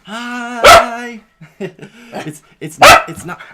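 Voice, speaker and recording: Excitable man in his thirties with a bouncy voice. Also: very high-pitched, drawn-out words, heavy background noise. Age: 30s. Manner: excitable, breaks off to scold a barking puppy. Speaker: streamer hosting a birthday live stream. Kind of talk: casual live-stream chat.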